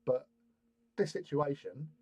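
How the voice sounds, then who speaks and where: A man's voice: a little high, sing-song, slow, dark tone, husky, dry recording. Man rambling through a story. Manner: rambling, anecdotal, loose colloquial speech. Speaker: hobby stream host. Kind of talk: casual storytelling chat.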